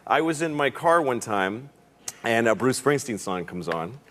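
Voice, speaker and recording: A man's voice: medium pitch, normal speed. A man guesting on a talk show, telling comic stories and acting out little voices as he goes. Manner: animated, acts out voices. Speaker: comedian guest.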